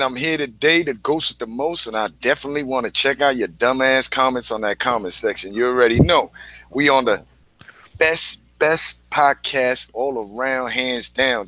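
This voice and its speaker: A man's voice: medium pitch, pushed and bright, no echo. A man co-hosting a gaming podcast, hyped and trash-talking rival fans. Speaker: podcast co-host. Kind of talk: casual gaming chat.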